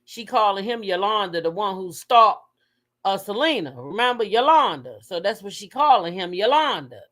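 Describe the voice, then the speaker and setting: A woman hosting a casual gossip livestream, talking with her chat, swearing freely and breaking into high shrieks as she retells her reactions. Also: lively intonation, moderate pace, fairly bright tone. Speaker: livestream host.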